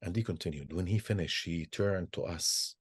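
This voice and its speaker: Older halting man, husky. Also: deep voice, no echo, clean studio sound. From Israel. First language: Arabic. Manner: halting, with many repeated words and restarts. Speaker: Sufi sheikh and peacemaker. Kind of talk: personal storytelling talk.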